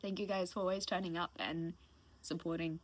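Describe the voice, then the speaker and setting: A woman's voice: lowish voice, fairly even intonation, a little fast. A woman in her late twenties talking casually and emotionally to her stream viewers, rambling and thankful. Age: late 20s. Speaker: live streamer. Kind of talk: casual heartfelt stream chat.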